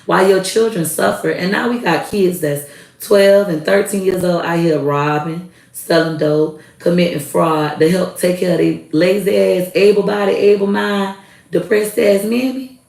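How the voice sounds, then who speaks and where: A woman's voice: on the low side, steady tone, normal speed, creaky, a little mellow, reverberant, distant mic, poor audio. A woman in her thirties ranting to camera in a blunt, heated, profane way. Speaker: vlogger. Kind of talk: casual rant to camera.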